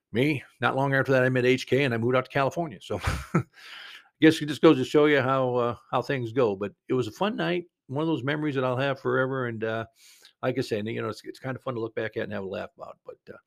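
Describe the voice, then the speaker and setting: Man, podcast host, personal storytelling, gravelly, conversational, rambling. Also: mid-range voice.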